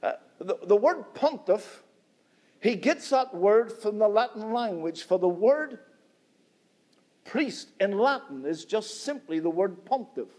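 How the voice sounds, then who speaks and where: A middle-aged man with a Northern Irish accent preaches an evening church sermon in a notably high voice. His delivery swells and drops in a steady preaching cadence, and he keeps turning to the congregation as "my friend". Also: takes it slowly. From Northern Ireland. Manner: rising and falling preaching cadence, repeats "my friend". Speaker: visiting preacher.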